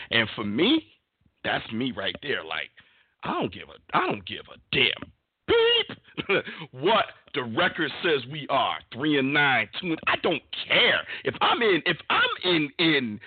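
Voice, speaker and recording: A man hosting a casual sports talk show, telling stories in an animated way with many restarts. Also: mid-range voice, husky, dry recording. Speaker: podcast host. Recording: dry, phone-like line.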